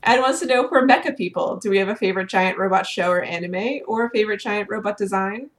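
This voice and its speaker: A woman co-hosting a podcast in casual chat. She is upbeat, laughs often and throws in quick asides. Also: mid-range voice. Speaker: podcast co-host.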